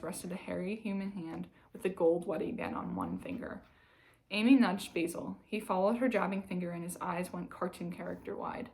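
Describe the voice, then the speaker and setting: A woman reading a novel aloud in calm, even narration. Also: lowish voice, gravelly, low-quality recording. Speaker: audiobook reader.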